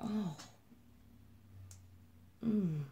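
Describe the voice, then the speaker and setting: A woman's voice: mid-range voice, extremely slow, vocal fry, mellow, dull audio, a little hiss or hum. A chatty woman with a New York accent, rambling and gushing as she unboxes and sniffs scented wax in a casual vlog. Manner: bubbly, rambling, self-described kooky; gushing over scents and colors. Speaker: vlogger unboxing wax melts.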